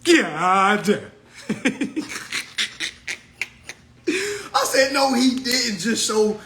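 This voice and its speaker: A man hosting his own consumer advice channel, telling a story to his viewers in a loose, excitable rant that swings from shouting to muttering, with frequent laughs. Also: extremely high pitch, slow pace, a little hiss or hum.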